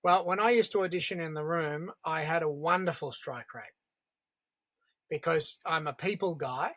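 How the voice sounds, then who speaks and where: A man, an actor giving measured, emphatic opinions in a casual roundtable chat. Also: fairly high pitch, a bit bright.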